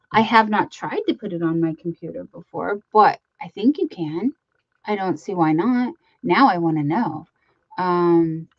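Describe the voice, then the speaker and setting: A woman's voice: medium pitch, dry recording, dull audio. A woman hosting a casual craft livestream, chatting to viewers in a rambling way with many ums and restarts, sometimes cooing baby talk to her dogs. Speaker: livestream host.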